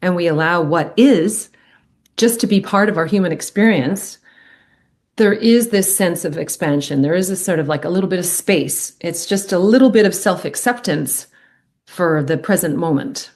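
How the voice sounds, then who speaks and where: A middle-aged woman speaking as a podcast guest, earnest and animated, often acting out what people say. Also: on the low side, moderate pace. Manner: earnest, animated, acts out quoted speech. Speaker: podcast guest, medical intuitive. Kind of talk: reflective podcast conversation.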